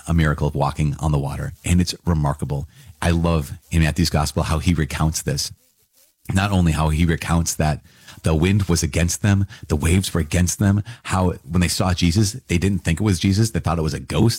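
A man teaches scripture in an animated way, laughing often and slipping into playful sarcasm. His voice sits low and a little husky. The sound is close and dry. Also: no room sound. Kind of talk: Bible teaching talk.

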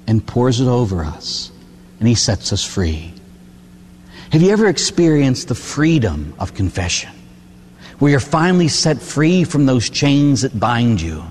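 A Catholic priest giving a sermon, telling stories with lively acted-out voices. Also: male voice, mid-range voice, big-room sound, a little hiss or hum. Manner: animated storytelling, acts out characters.

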